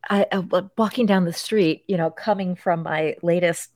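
A woman voicing a smug male business networker in a quick mocking impression, telling a halting, self-important story. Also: lowish voice, darkish tone, no echo, studio quality, natural voice.

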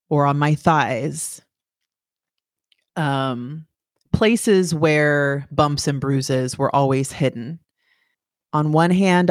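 Low-voiced woman telling her story. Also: dry recording, clean studio sound. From United States. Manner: candid, halting, plain-spoken. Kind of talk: personal testimony.

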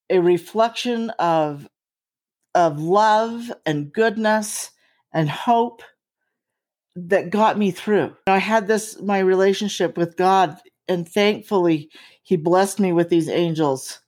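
A woman hosting a casual conversation, speaking in a slow, reflective, heartfelt way. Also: mid-range voice, darkish tone.

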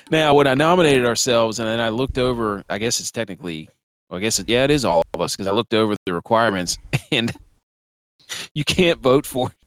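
A man's voice: medium pitch, expressive, normal speed, long pauses, no echo, rough recording. A man co-hosting a sports podcast in casual, joking chat, laughing often. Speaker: podcast co-host.

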